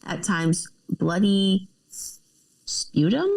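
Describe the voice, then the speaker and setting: A woman's voice: medium pitch, expressive, drawn-out words, gravelly, darkish tone, low-quality recording. A woman co-hosting a podcast, reading news articles aloud with casual asides and laughs.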